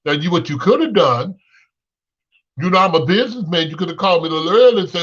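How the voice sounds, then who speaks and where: A blunt, sassy male talk host from Chicago rants straight to his listeners, his voice leaping high whenever he is fed up. His tone is bright and forceful throughout. The recording is dull and lo-fi. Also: animated, fast, breathy edge. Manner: blunt, sassy, swings pitch up when exasperated. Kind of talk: unscripted monologue rant.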